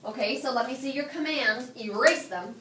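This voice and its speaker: A woman teaching a high school Spanish class, quizzing her students and repeating their answers back to them. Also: moderate pace, a bit bright, slight background noise. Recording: echoey classroom from far off.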